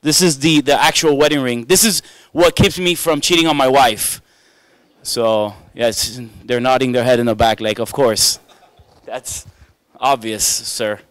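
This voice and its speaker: A man's voice: medium pitch, steady tone, measured pace, clear, resonant tone, dry recording. Self-mocking male stand-up comic. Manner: chatty, self-mocking, riffs with the crowd. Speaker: stand-up comedian. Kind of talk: stand-up comedy set. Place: comedy club stage before a live audience.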